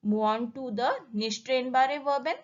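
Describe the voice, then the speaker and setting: A woman's voice: sits high, a little slow, dull audio. A woman teaching a German grammar lesson, explaining carefully and repeating example words so they can be drilled.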